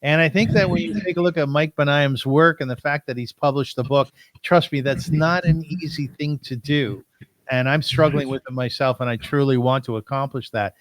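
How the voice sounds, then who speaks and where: A man's voice: on the high side, normal speed, no echo. A man hosting an interview podcast, speaking in an earnest, encouraging way. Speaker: podcast host.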